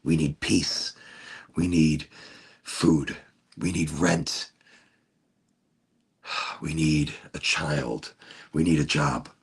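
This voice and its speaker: A man in a casual, rambling vlog monologue, talking slowly and emotionally with restarts and sighs, indoors at home. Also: a bass voice, gravelly, slightly rough. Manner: slow, dreamy and emotional, with many restarts and sighs. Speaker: vlogger.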